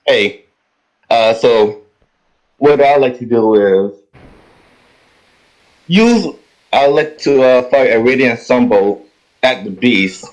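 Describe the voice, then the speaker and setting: A man's voice: medium pitch, lively intonation, slow, long pauses, poor audio. A man playing a tabletop game who talks hesitantly and apologetically. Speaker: player.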